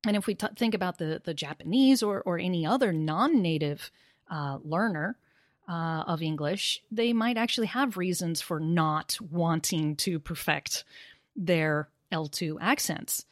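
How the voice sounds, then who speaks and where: A woman in casual discussion, speaking in a measured, thoughtful, academic way. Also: on the low side, no echo, clean studio sound. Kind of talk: casual discussion on teaching pronunciation.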